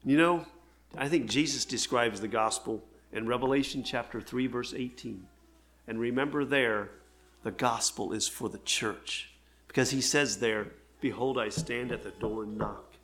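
An older man delivers an earnest sermon. His voice sits in an ordinary middle register, and he is heartfelt as he speaks to his congregation, often pausing between phrases. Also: mid-range voice, fairly bright tone. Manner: earnest, heartfelt preaching with pauses. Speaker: pastor.

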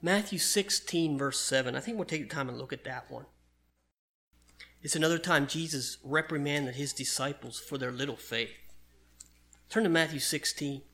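A man preaching in an earnest, conversational way, stopping now and then to read scripture aloud. His voice sits a little higher than most men's. The delivery feels like a pastor talking plainly to his congregation. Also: normal speed, sharp tone. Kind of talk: sermon.

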